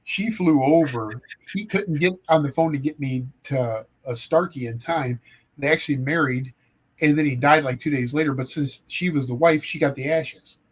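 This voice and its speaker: A middle-aged man from Ohio, a forensic psychologist, telling stories in a casual, animated way with dark humor. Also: fairly high pitch, moderate pace, breathy edge, low-quality recording. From Ohio, United States. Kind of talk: casual storytelling chat.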